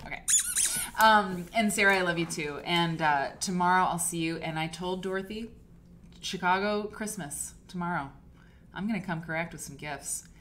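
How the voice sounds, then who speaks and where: A woman's voice: on the low side, fairly bright tone, slight background noise. A woman hosting a casual live quilting stream, gushing and chatty, rambling with fillers and restarts. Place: home studio. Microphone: desk mic for a live stream.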